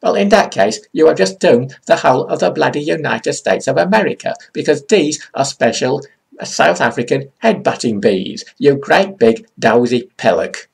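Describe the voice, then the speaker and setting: A man's voice: mid-range voice, expressive, moderate pace, gravelly, slightly rough. A man playing a scolding, exasperated monk. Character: lecturing, exasperated male martial arts monk.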